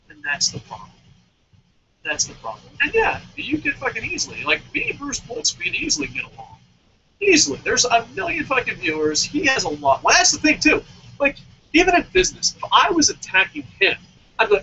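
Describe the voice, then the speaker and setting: A man with an unusually high, bright voice rants with heavy swearing. His pitch swings widely as he presses his points. A faint hiss of noise sits under him. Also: wildly swooping pitch, a little fast, lo-fi sound. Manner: heated, profane, emphatic. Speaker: show host. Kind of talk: profane wrestling-commentary rant.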